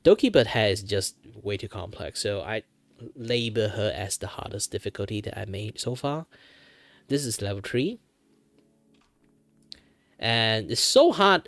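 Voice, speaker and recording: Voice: mid-range voice, no echo. A VTuber from Malaysia, chatting casually while drawing on stream, with many fillers and restarts. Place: home streaming setup.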